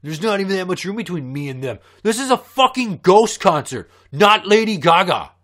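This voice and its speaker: A man imitating an obnoxious, nerdy young man at a concert, shouting in a shrill, indignant voice. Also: very animated, moderate pace, exaggerated voice.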